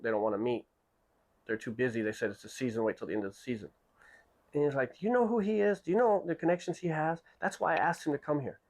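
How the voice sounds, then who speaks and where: A man casually telling a long story, acting out the people in it and often restarting his sentences. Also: mid-range voice. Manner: animated, acts out quoted people with raised voice; restarts and repeats words often. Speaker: podcast host.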